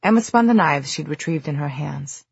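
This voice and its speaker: A narrator reads a novel aloud in a steady, even way. The voice is husky with a gravelly fry. It is recorded dry and close with a slightly dull tone. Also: medium pitch, normal speed, dry recording. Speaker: audiobook narrator. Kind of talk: scripted narration.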